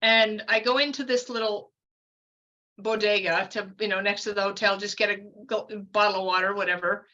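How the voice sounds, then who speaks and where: Woman, 50s, podcast guest; bright, slightly high voice; rambling, chatty storyteller; slightly dull audio. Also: fairly even intonation, moderate pace. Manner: chatty, meandering, full of fillers and asides. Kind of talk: casual storytelling.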